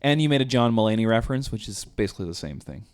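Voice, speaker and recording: A man's voice: fairly low pitch, expressive, rapid-fire, dry recording, studio quality. A man hosting a podcast interview, easygoing and curious, asking follow-up questions. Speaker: podcast host.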